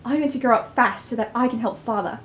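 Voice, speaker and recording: A woman's voice: a little high, quick pace, lightly acted. A woman voicing an earnest young man, the hurt adopted son, in a pleading, wounded way. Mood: eager.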